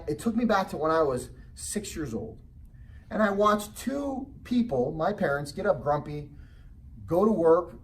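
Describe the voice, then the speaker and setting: A middle-aged man giving a motivational real estate seminar talk, telling a family story and asking the audience questions. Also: a bit bright. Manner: acts out child's voice in high pitch. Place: presentation room. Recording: distant mic with faint background noise.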